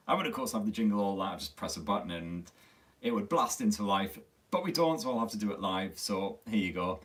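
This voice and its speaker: A man from Sunderland with a Northern English accent, chatting casually as host of a live tech stream, swearing freely and poking fun at himself, his voice a little worn. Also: fairly low pitch. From Sunderland, North East England. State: slightly losing his voice. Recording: distant mic on a phone stream.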